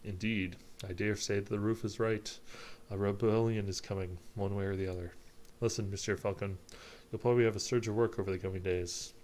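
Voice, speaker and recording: Suave fox private eye, as a man puts him on, polite and knowing, with hints of mystery. His voice sits low and quietly assured. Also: steady tone, a little fast, a little hiss or hum, close to an everyday voice. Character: smooth, knowing male fox private investigator.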